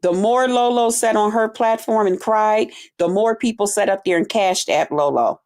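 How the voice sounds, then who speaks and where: A woman's voice: medium pitch, moderate pace. Blunt woman hosting a livestream chat. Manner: blunt, animated, mimics sounds and voices. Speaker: livestream host.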